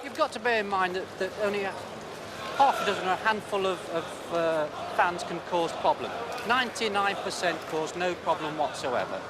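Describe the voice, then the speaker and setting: A police officer explaining crowd searches in a measured way, saying "obviously" often. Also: male voice, high voice, lively intonation. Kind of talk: interview answer. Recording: loud street noise outdoors.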